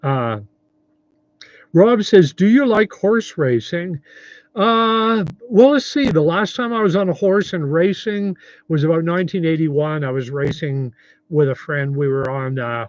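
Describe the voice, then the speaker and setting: A man's voice: a little high, a little slow, dry recording, dull audio. A 70-year-old man hosting a casual livestream, rambling in a friendly way and reading viewer comments aloud. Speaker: livestream host.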